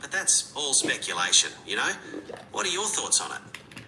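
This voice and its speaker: A man's voice: mid-range voice, big pitch swings, moderate pace, reverberant, background noise. A synthetic man's voice with an Australian accent, answering questions in a laid-back, slangy, noncommittal way. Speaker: AI voice assistant. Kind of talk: conversational answers.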